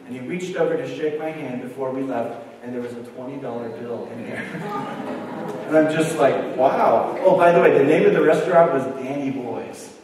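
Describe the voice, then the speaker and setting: A middle-aged man preaching a sermon, telling a personal story and acting out the dialogue with lively energy. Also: mid-range voice, moderate pace, slight background noise. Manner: animated storyteller, acts out dialogue. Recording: echoey hall recorded from far off.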